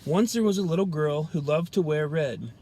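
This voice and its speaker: Man, trooper reading a kids' story, gentle, expressive, slightly higher voice, faint noise. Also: moderate pace. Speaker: police trooper reading aloud.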